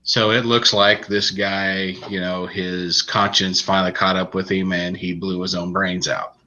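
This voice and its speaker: Sitting low and keeping a measured pace, this man's voice has its highs cut off. He's a book-reviewing podcast co-host, rambling comfortably through a plot summary in a casual chat and restarting along the way.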